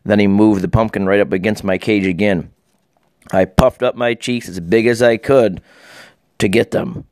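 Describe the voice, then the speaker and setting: Low-voiced guy reading a kids storybook, expressive, dry recording. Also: moderate pace, dry recording. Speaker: audiobook narrator. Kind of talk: first-person storybook narration.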